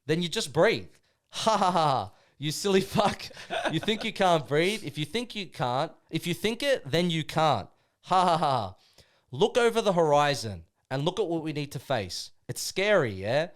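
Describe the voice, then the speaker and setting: A man's voice: on the high side, pitched above the performer's own voice. A man with an Australian accent voicing a pack of wild, laughing male spirit brothers who taunt and cheer him on. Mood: taunting laughter. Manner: loud, cackling, taunting encouragement.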